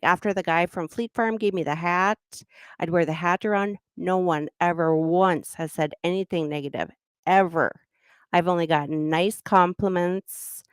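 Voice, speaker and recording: Middle-aged Minnesotan woman, livestream host, smooth clear voice close and dry, casual anecdotal chat. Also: medium pitch, dry recording. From Minnesota, USA. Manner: chatty, laughs between anecdotes. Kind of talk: casual storytelling.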